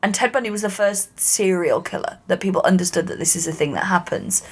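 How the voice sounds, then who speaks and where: A woman's voice: lowish voice, fast talker, slightly rough. A woman co-hosting a comedy podcast, telling stories in a sweary casual chat and acting out the quotes. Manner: sweary, storytelling, acts out quotes.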